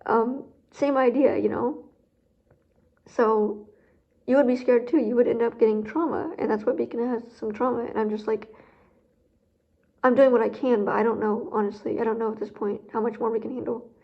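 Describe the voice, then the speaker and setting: A woman's voice: a little high, fairly even intonation, normal speed, vocal fry. A woman talking candidly in a personal vlog about handling her guide dog, rambling with many fillers and sounding emotionally drained. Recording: dull lo-fi recording.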